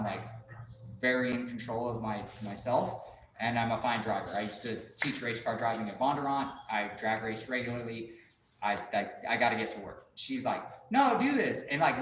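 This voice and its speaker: A man telling a rambling, profane story in casual talk, acting out other people's lines as he goes. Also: medium pitch. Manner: animated, swears a lot, acts out others' lines. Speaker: shop vlogger telling a story. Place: car workshop. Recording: echoey room with faint noise.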